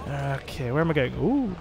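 Over some background noise, a high-pitched let's play host rambles through casual commentary while playing a video game, joking and swearing often.

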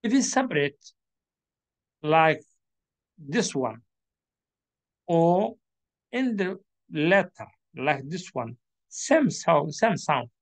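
A man with a Somali accent teaching Quran reading, slowly spelling out letters and drawing out each syllable as he repeats it. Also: a little high, sing-song. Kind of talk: slow classroom instruction.

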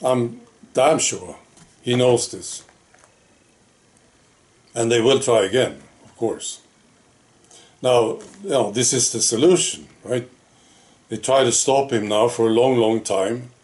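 Slow-talking man musing aloud. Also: medium pitch, darkish tone. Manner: conversational, full of rhetorical questions and "right?" asides. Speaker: political vlogger. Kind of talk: casual opinion monologue.

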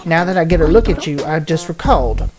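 A woman voicing a folksy old male professor who hunts ghosts, putting on a Southern drawl and a creaky old-man voice. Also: sits low, brisk, music in the background, lightly acted. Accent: put-on Southern drawl.

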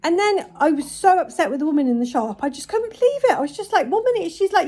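A woman vlogger venting casually to camera, retelling a frustrating complaint in an exasperated, animated way. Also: very high-pitched, fast talker, few pauses.

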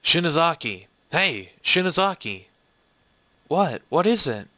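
A man voicing a frightened, earnest teenage schoolgirl in a horror game playthrough, shouting in panic. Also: medium pitch, unhurried, no echo, lightly acted. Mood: panicked, shouting.

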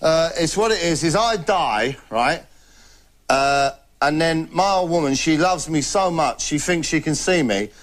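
A man's voice: a little high, animated, unhurried. A man hosting a comedy show, delivering a rambling, chatty monologue to camera and laughing between jokes. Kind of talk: deadpan stand-up monologue to camera. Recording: clear background noise.

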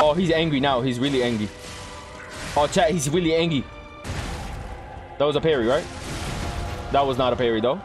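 A young man giving live gameplay commentary to his chat, excitable and swearing, often yelling at the game. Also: fairly high pitch, moderate pace, pauses often, faint music behind. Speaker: gaming streamer.

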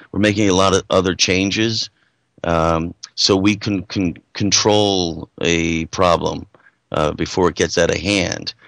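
Deep gravelly guy from new york, radio producer, rambles and stumbles through his points, dry close sound. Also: a bit bright, dry recording. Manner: rambling, halting, lots of filler. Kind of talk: casual live radio chat.

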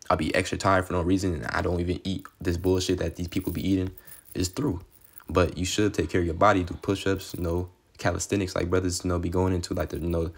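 A young man giving an informal, rambling Bible teaching, cursing freely and tagging his lines with "man" and "okay". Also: low voice. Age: young adult. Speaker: street preacher.

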